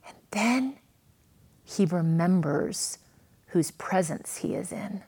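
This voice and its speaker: A woman preaching a sermon, earnest, with dramatic pauses and a voice that swells and drops. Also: lowish voice, expressive, warm tone, breathy edge. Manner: earnest, dramatic pauses, rises and falls in volume.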